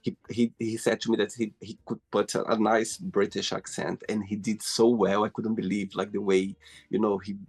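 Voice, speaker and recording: Gravelly-voiced host with halting phrasing. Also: male voice, fairly low pitch, level tone, darkish tone. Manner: halting, repeats and rephrases, non-native grammar. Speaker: show host. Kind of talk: interview questions.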